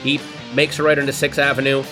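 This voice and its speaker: A man spins a comic anecdote with wry, animated delivery. His voice sits in a middle register. Guitar music plays clearly underneath. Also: mid-range voice, fast. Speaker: storyteller. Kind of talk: comedic storytelling.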